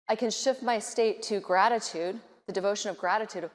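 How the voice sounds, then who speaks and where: A middle-aged woman speaks from a conference stage, lively and expressive, and she slips into quick nervous inner voices to make her points. Her voice sits at a middle pitch and carries a long reverb from the big hall around her. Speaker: keynote speaker. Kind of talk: conference keynote speech.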